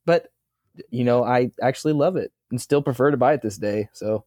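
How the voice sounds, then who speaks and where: Casting: male podcast co-host, mid pitch, chatty storyteller, dry close mic. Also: a little fast, no echo. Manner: chatty storyteller, animated asides. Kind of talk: casual podcast chat.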